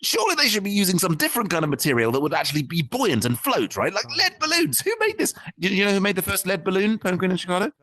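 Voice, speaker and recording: A man's voice: sits high, sing-song, rapid-fire, few pauses, a bit bright. A man doing improvised stand-up as host in a virtual world, rambling and self-mocking with many restarts, talking into a headset.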